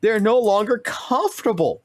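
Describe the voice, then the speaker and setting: A man's voice: high voice, expressive, moderate pace, no echo. Profane, fired-up man ranting dry. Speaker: gaming streamer. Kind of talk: casual ranting commentary.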